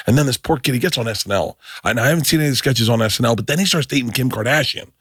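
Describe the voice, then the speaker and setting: A man in his fifties hosting a podcast, telling profane, excitable stories in casual studio chat. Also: mid-range voice, rapid-fire, few pauses, slightly rough, no room sound. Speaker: podcast host.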